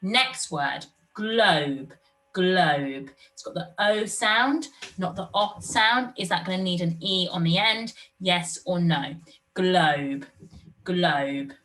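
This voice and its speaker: Bright-voiced woman teaching. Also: mid-range voice, recorded from a distance. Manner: clear, slow sounding-out of words. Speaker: primary school teacher. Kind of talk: recorded online lesson for young children.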